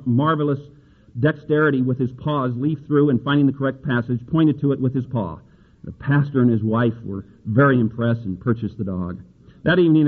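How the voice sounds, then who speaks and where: A man preaching a sermon in a folksy, conversational way, reading scripture aloud and climbing to an emphatic pitch on key verses. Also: breathy edge. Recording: tinny phone-like sound.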